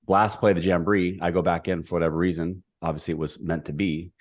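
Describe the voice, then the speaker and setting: Deep-voiced, fast-talking middle-aged man. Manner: energetic, emphatic storyteller. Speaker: podcast guest, executive coach. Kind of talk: storytelling in a podcast interview.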